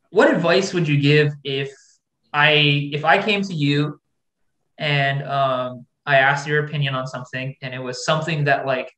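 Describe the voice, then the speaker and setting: A man's voice: mid-range voice, pushed and bright. A young man interviewing, asking questions hesitantly and thoughtfully with lots of fillers. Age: young adult. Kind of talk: podcast interview. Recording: echoey room.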